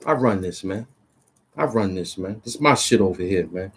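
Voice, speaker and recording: In a small, cramped room, a rapper talks through a loose, rambling monologue packed with street slang and "you know what I'm saying." His low voice is expressive and fairly bright, moving at normal speed. The low-quality recording picks up a little hiss or hum.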